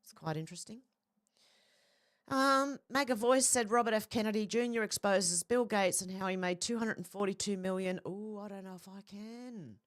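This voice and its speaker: A woman's voice: medium pitch, normal speed. An Australian woman hosting casual commentary, chatting and reading out posts with laughs between them. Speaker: host.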